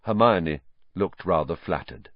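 Expressive male storybook narrator. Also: low-pitched, measured pace, no echo. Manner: expressive, varied reading. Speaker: audiobook narrator. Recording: dry, slightly muffled recording.

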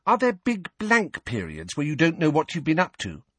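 A man's voice: fairly high pitch, huge pitch swings, moderate pace, fairly bright tone, breathy edge, no room sound, pitched above the performer's own voice, full character voice. A man reading an audiobook and voicing a blunt, matter-of-fact teenage girl.

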